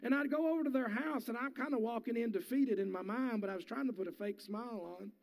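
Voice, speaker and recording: A man's voice: very high voice, quick pace, creaky. A man preaching a sermon in a church sanctuary as pastor, in a folksy way that builds to fervent preaching.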